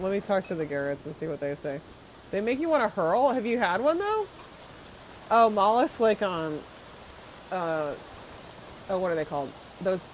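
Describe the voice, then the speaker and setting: A game streamer chatting loosely with viewers while playing, voice sitting in an ordinary middle pitch. The talk wanders and doubles back with plenty of fillers, and the opinions are delivered firmly. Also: slight background noise, rough recording. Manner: rambling, chatty, answers chat, strong food opinions. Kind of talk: casual live-stream chat while playing.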